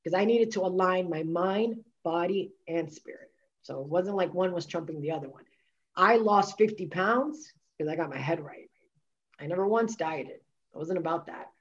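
A woman's voice: fairly low pitch, moderate pace, dull audio. A woman guest, a wellness coach, telling her personal story candidly in conversation, emphatic and full of filler words and restarts.

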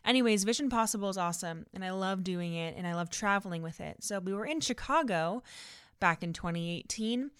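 A woman's voice: medium pitch, expressive, brisk, fairly bright tone, smooth, no room sound, studio quality. A young woman with a Californian Valley girl accent, hosting a casual solo podcast and telling a story in a bubbly, dramatic way, laughing often and saying "like" a lot. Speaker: podcast host.

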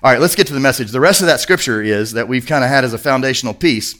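A man from Kentucky, a pastor, preaching a sermon in a church in a lively, conversational way, asking the congregation questions. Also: mid-range voice, quick pace.

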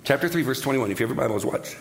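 A man preaching a sermon in an animated, joking way, talking straight to the congregation. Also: medium pitch, racing, creaky. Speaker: pastor.

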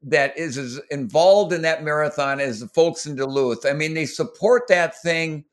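A man's voice: on the high side, normal speed. A middle-aged man from Minnesota, telling race stories in an interview, rambling with many restarts and getting emotional. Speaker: guest, former marathon runner. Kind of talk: storytelling interview.

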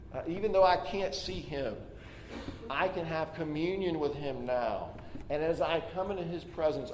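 A man delivers a sermon in a conversational tone, voicing his listeners' objections and tripping over his own restarts. His voice sits a little high for a man. The sound carries the long, roomy reverb of a church hall, with faint ambience underneath. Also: darkish tone, a little hiss or hum. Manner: conversational, plays out listeners' doubts aloud with repeated restarts. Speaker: pastor. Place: church sanctuary.

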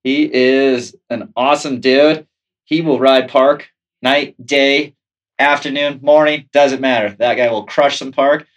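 A man's voice: medium pitch, steady tone, a little slow, distant mic. A man talking in a hyped, enthusiastic way in a casual interview.

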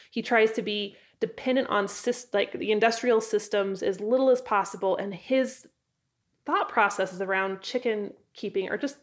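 A woman vlogger talking casually and enthusiastically about her favorite homesteading books, with a chatty, self-deprecating manner. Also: medium pitch. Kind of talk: casual book recommendations to camera.

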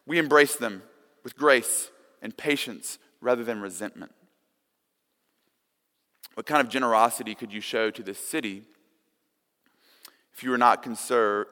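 Pastor, male, earnest sermon delivery with big swings from soft to loud, sharp tone. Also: medium pitch. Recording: long reverb of a large hall.

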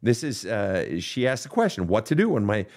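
A man's voice: fairly low pitch, sing-song, normal speed, a little mellow. Blunt, profane male counselor. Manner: blunt and profane, talking straight to the listener. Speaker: counselor and show host. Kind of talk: answering listener questions on a podcast.

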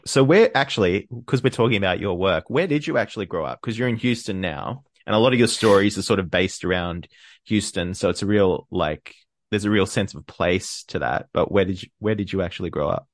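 A man's voice: deep voice, brisk, no echo, clean studio sound. A man hosting a podcast, asking curious questions and laughing easily in casual chat. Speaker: podcast host.

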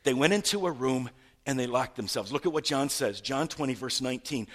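A man preaching a sermon, retelling a story with stammered repeats and rhetorical questions, swinging from loud to hushed. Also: mid-range voice, lively intonation, a little fast. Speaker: pastor.

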